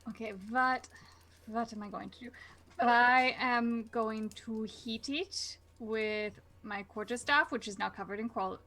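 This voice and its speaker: A woman's voice: fairly high pitch, measured pace, pushed and bright. A woman playing a tabletop game on a livestream, hesitant and self-deprecating as she calls her rolls. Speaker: player.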